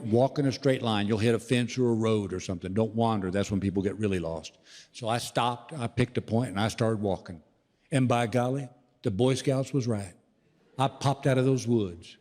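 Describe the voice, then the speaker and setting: A comedian with a mid-range, darkish male voice spins a homespun tale, laughing softly as he goes. The set was captured live in a big theater, so the sound carries the hall's reverb and the crowd's noise.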